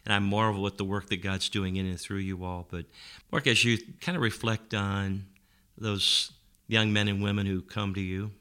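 Low crisp-voiced male interviewer. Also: flat delivery, moderate pace, sharp tone. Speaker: radio co-host and interviewer. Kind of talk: interview questions.

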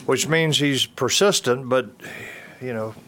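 A man's voice: medium pitch, unhurried, fairly bright tone. An older man telling a personal testimony in an earnest storytelling way, repeating phrases and restarting sentences. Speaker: speaker giving a testimony.

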